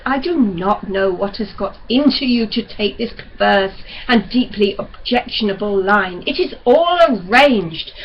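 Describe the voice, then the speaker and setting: Woman voicing stern wealthy father, measured and pompous, slow, dull lo-fi sound. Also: on the high side, a little hiss or hum.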